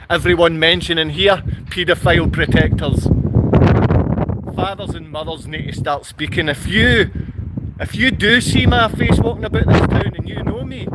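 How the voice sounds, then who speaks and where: A man's voice: high voice, heavy background noise. A man with a Glasgow accent ranting angrily to camera, hurling insults and repeating himself. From Scotland. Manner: furious, insulting, repetitive ranting. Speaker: vlogger. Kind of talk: angry direct-to-camera rant.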